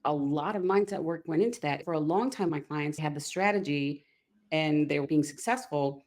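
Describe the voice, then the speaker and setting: Lively, chatty woman coach on a podcast, low voice, laughs easily. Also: moderate pace. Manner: upbeat and chatty, often laughs. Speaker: business coach guest. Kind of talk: casual podcast interview.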